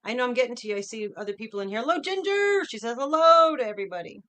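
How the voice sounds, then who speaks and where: This middle-aged woman's voice is a little high, bright, and sing-song, and she talks rapid-fire. Hosting a casual livestream from home, she keeps things upbeat and greets viewers by name in turn.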